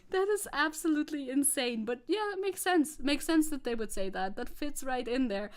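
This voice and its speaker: A woman's voice: high voice, lively intonation, normal speed, hardly any pauses. A woman with a German accent giving sarcastic, casual commentary on a live stream, swearing freely. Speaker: VTuber streamer.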